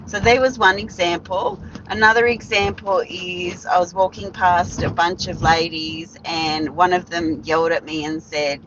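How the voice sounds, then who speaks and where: Slow-talking blunt woman live streamer. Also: on the low side, highs cut off, background noise. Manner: blunt, swears freely, rambling restarts. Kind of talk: casual live-stream storytelling.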